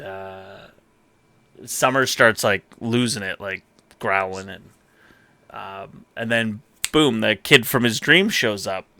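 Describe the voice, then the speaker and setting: Bright crisp-voiced man rambling. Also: fairly low pitch, no room sound. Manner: rambling, quotes characters in quick asides, many fillers. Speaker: podcast co-host recapping a TV episode. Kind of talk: casual chat.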